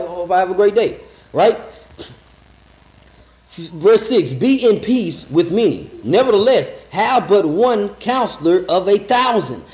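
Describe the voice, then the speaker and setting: A man teaching scripture casually on a podcast, reading verses slowly and breaking into restarts and asides. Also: high-pitched, darkish tone. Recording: dull, echoey room recording.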